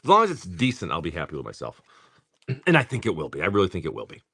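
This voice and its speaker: A man hosts a relaxed morning livestream and talks in quick, animated bursts, his pitch rising and falling a lot. He swears casually and greets viewers by name while going through card packs. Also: breathy edge. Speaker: card-breaking livestream host.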